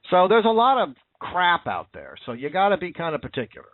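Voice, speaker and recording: A man's voice: sits high, no room sound. A man delivering an angry, profane rant full of rhetorical questions, turning sarcastic at times. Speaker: commentator. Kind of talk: angry ranting monologue. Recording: tinny phone-like dry sound.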